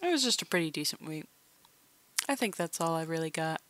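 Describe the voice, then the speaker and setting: A man's voice: a little high, animated, brisk, fairly bright tone, a little hiss or hum. A man co-hosting a podcast, giving short laid-back replies in casual chat. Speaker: podcast co-host.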